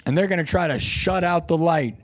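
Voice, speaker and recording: Male live streamer, slightly high voice, boastful repetitive pep talk, loud hype then quiet musing. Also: a little fast. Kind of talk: livestream sign-off pep talk.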